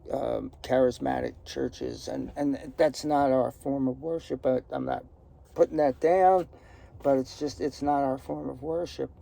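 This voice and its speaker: A man's voice: mid-range voice, gravelly, dark tone. An older man telling stories from his life in a rambling, joking, outspoken way, recorded outdoors in a garden. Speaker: storyteller. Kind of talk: casual personal storytelling.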